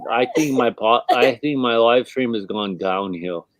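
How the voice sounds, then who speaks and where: A man's voice: mid-range voice, unhurried, dry recording. A man co-hosting a casual livestream, blunt and teasing, swearing often. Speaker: livestream co-host.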